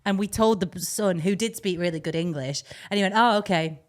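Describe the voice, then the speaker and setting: A woman co-hosting a podcast, chatting in a lively way and giggling as she chimes in. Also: on the low side, brisk, a little hiss or hum. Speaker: podcast co-host. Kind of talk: casual chat.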